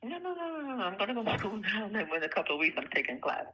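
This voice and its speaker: An older woman with a soft, light voice, talking bluntly and laughing often in a casual phone conversation. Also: medium pitch, big pitch swings, very fast. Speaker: home seller on a phone call. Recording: tinny phone line.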